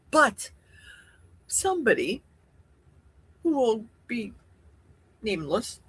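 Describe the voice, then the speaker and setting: A talkative woman with a husky, slightly breathy voice, hosting a casual livestream Q&A. She rambles from one thought to the next in a loose, animated way. Her pitch sits in an ordinary middle range for a woman. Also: no room sound. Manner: chatty, rambling, animated with gasps and laughs. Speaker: livestream host. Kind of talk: casual live Q&A chat. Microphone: livestream setup.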